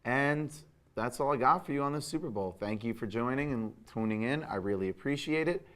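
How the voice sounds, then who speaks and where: A young adult man hosting a sports show, giving an animated, opinionated recap with hot takes. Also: medium pitch, a little fast.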